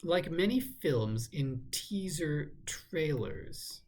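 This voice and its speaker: A man thinking aloud in a measured, musing way as he works through a crossword, now and then correcting himself. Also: on the high side, lively intonation, a little mellow. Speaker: crossword solver. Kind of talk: thinking aloud while solving a puzzle.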